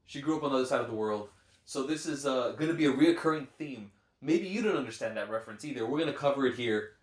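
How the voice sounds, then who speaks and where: A man's voice: medium pitch, animated. A man hosting and editing a casual podcast, steering the chat along in an organized way. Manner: quick, organized, steers the discussion. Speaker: podcast host and editor. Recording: echoey room.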